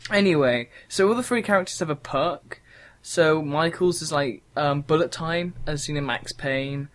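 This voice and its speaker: A man's voice: a little high, moderate pace. A young man co-hosting a casual gaming podcast, rambling with frequent ums. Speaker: podcast co-host.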